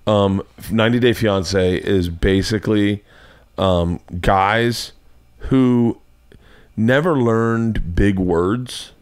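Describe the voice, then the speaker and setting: Low-voiced man telling stories animatedly. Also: slow pace, clear, resonant tone. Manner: animated storytelling, swearing, jumping pitch for emphasis. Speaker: podcast host. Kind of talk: casual chat.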